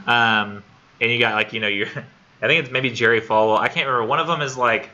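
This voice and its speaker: A man teaching a college English class in a casual, animated lecture with many fillers. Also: lowish voice, lo-fi sound.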